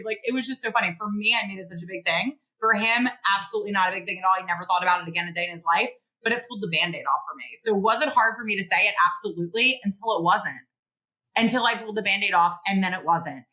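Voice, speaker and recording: A middle-aged woman, a guest author, telling stories in an animated interview, acting out quotes and laughing often. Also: medium pitch, fast, rough recording. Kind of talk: podcast interview, storytelling.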